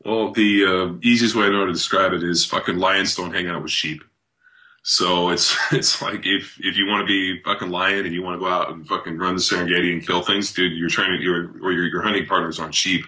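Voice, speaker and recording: A man's voice: low-pitched, brisk. A man who is a podcast guest and former pro football player, talking bluntly in a casual interview and telling stories full of swearing. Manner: blunt, heavily profane, animated storytelling.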